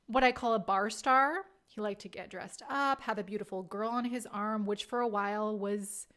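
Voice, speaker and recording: With a medium-pitched, steady, slightly bright voice at normal speed, a woman in her thirties hosts a podcast. She tells self-deprecating, candid stories casually and laughs frequently.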